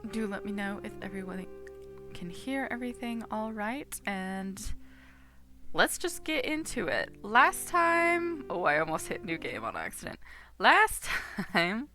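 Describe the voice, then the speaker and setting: A woman's voice: medium pitch, big pitch swings, unhurried, sharp tone, soft background music. A woman streamer chatting casually and reading game text aloud while playing, laughing often.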